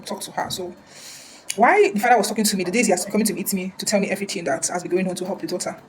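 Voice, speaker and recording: A woman's voice: medium pitch, a little hiss or hum, rough recording. A woman counselor giving earnest advice in a casual talk, often repeating words and restarting.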